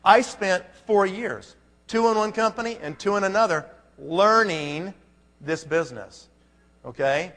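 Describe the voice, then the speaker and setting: A man's voice: sits high, a little slow, a bit bright. A man giving a motivational talk at a conference, emphatic and firing rhetorical questions at the crowd. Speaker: conference speaker. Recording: long hall reverb.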